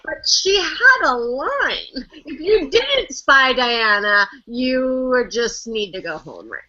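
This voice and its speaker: A woman co-hosting a casual fan chat, lively and self-deprecating, laughing often. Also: high-pitched, takes it slowly. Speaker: podcast co-host. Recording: muffled lo-fi audio.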